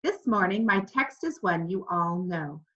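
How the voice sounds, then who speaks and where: A woman voicing a kindly, composed middle-aged male pastor who speaks in a warm, measured preaching tone. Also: lowish voice, expressive. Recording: slightly dull lo-fi recording.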